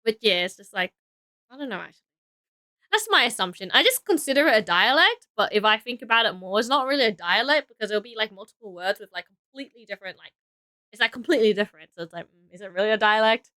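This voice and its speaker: Bright, lively young woman streamer. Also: fairly high pitch, quick pace, dry recording. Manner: rambling, unsure and self-correcting; chats with viewers while building a kit. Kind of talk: casual live-stream chat.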